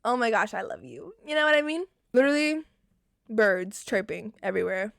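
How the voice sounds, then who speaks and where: A young woman vlogger telling a storytime in casual, expressive chat, often swearing. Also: on the high side, fairly quick, gravelly, dry recording, clean studio sound. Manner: animated, expressive and profane.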